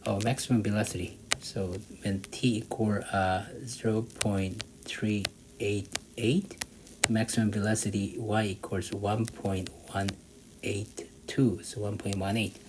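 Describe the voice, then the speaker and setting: Slow, halting man tutoring math. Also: fairly low pitch, little pitch movement. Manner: halting, many fillers, thinks aloud while using a calculator. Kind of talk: walking through an exam problem. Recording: faint background noise.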